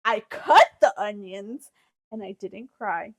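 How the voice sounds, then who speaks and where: A woman's voice: medium pitch, expressive, slow. A young woman co-hosting a podcast, chatting casually and bickering playfully with her brother. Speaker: podcast co-host. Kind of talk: casual chat.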